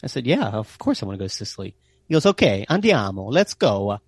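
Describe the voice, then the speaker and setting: Animated American man telling stories. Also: fairly low pitch, fast, husky, no room sound. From United States. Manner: animated, with playful Italian phrases. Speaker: guest telling travel stories. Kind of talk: casual storytelling chat.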